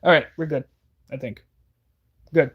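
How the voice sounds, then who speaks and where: A man's voice: fairly high pitch, steady tone, a little slow, husky. A man giving casual reaction commentary, rambling and heated, stumbling over restarts. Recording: dull lo-fi audio.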